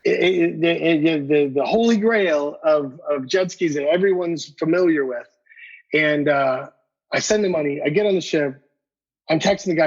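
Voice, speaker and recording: A man's voice: fairly high pitch, moderate pace. A man telling a collecting story in a casual chat, stumbling over repeated words and acting out both sides of a conversation. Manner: animated, repeats words, acts out dialogue. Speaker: guest collector. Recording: dull lo-fi podcast audio.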